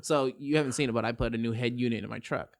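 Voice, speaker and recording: Here a young podcast co-host chats casually, spinning profane stories and laughing a lot as he goes. He speaks fast in a medium-pitched voice with a steady tone.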